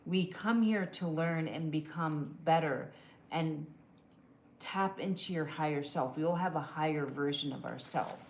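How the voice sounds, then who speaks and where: A woman's voice: sits low, measured pace, a little hiss or hum. A woman hosting a casual live stream, giving wellness advice directly and answering viewers with pet names. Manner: direct, calls viewers "girl" and "my love". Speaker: livestream host doing emotional scans. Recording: echoey room.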